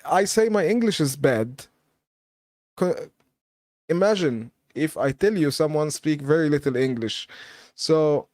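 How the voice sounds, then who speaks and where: A man's voice: on the high side, darkish tone, no room sound, clean studio sound. A man hosting a live Q&A stream, chatting casually, laughing often and reading viewer comments aloud.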